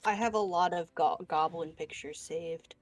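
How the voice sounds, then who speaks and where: A woman playing a tabletop game, speaking in a quick, offhand way. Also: fairly low pitch, no room sound. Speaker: player. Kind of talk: casual chat during a tabletop game.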